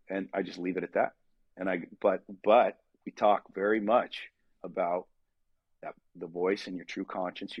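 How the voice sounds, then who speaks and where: Husky-voiced man in his forties, earnest coach. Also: fairly low pitch, no room sound, lo-fi sound. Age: 40s. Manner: earnest, animated storyteller who acts out inner dialogue. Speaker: fitness coach for fathers. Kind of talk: casual podcast conversation.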